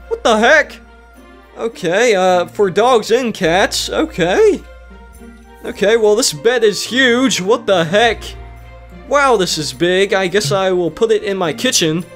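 This mid-range voice belongs to a let's play host offering casual commentary on gameplay into a computer microphone. He's excitable, throwing in frequent exclamations and bits of mock scolding.

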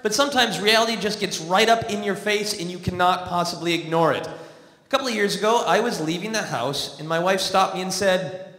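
Wry high-voiced man in an echoey theatre. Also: normal speed, pushed and bright. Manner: wry, dry comic delivery. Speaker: comedian. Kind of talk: stand-up storytelling. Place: large theatre stage. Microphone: stage microphone. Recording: echoey theatre hall from a distance.

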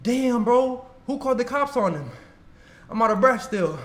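Young guy on a live stream, out of breath, high voice, echoey room. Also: moderate pace, background noise. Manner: excitable, talks straight to chat. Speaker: livestream reactor. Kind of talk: live stream reaction chat.

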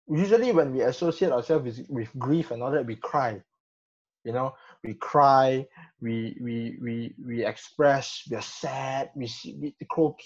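A man in a casual film discussion, talking haltingly with many restarts and "you know" fillers. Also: medium pitch, darkish tone, husky. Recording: dull lo-fi sound.

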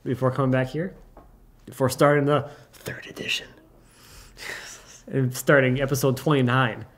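A man's voice: medium pitch, level tone, moderate pace. A man co-hosting a casual woodworking livestream, joking in a laid-back way. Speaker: woodworking show host. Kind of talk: casual chat.

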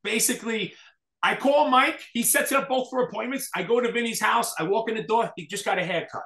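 A man's voice: high-pitched, a little fast. A man telling stories in casual chat, acting out what others said. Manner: animated storyteller, acts out quotes. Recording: echoey room.

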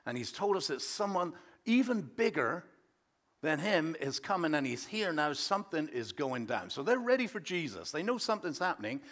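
Brief: a pastor in church, pitched slightly high, chatty and animated. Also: male voice, normal speed. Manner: conversational, animated storytelling. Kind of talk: sermon.

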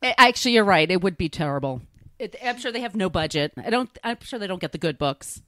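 A woman's voice: mid-range voice, animated, fast talker, bright, forceful tone, dry recording. A woman podcast co-host chatting casually as she retells a film, rambling and laughing.

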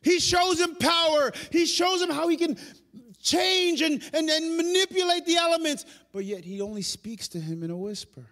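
A man preaches in a church sanctuary, his fairly high voice carrying into a long, echoing reverb. He is animated, pressing hard on some points and dropping to a near hush on others. It sounds like a live service through a stage microphone. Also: normal speed. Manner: animated preaching, shifting between loud and hushed delivery. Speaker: pastor. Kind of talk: sermon.

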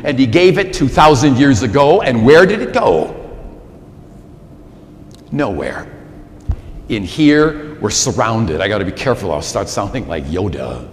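An older man in his sixties preaches a sermon with a lively, rising and falling delivery, leaning hard on repeated words. He speaks slowly and deliberately. His voice carries a long church reverb over a faint room hum. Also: mid-range voice. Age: 60s. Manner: animated, emphatic repetition. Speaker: priest. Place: large church.

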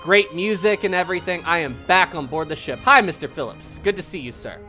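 A man's voice: a little high, a little fast, sharp tone, faint music behind. A man hosting a live game stream, commenting playfully, laughing often and putting on theatrical farewells. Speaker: streamer and host.

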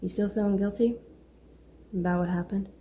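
Audiobook role: attentive, controlling husband, soft-spoken and smooth, played by a woman reader. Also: medium pitch, steady tone, moderate pace, a little hiss or hum, close to an everyday voice. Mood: coaxing. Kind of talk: audiobook character voice.

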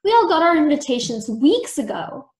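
A bossy, excitable gothic mouse lady, voiced by a woman reading aloud, high and dramatic in every line. She exclaims and scolds with flair, and the sound rings in an echoey room. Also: moderate pace.

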